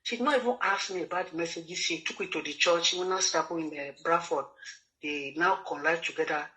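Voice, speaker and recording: A Nigerian man pours out his story at a quick clip, circling back over the same words as he pleads his case. His voice is bright and forward, and he keeps slipping into the voices of the people he quotes. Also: fairly high pitch, poor audio. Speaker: guest telling his story. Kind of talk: emotional personal testimony.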